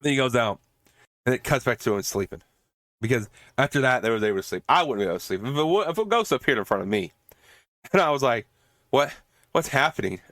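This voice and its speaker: A man hosting a podcast recaps a movie in a rambling, casual way, swearing often and laughing at it. His mid-range voice is fairly bright, with lively intonation and a quick pace, on a dry, clean studio recording.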